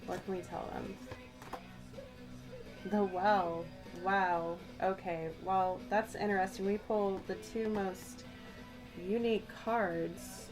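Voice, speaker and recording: A woman's voice: medium pitch, fairly even intonation, unhurried. A woman giving a channeled tarot reading, musing aloud and speaking straight to the listener, her voice a little worn. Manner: musing, addresses the listener directly. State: slightly losing her voice. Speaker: tarot reader. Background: background music.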